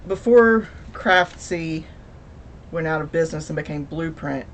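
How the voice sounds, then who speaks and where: A woman's voice: low-pitched, unhurried, a little hiss or hum. A woman co-hosting a podcast, chatting casually with wry, self-mocking humor. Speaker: podcast co-host. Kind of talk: casual chat.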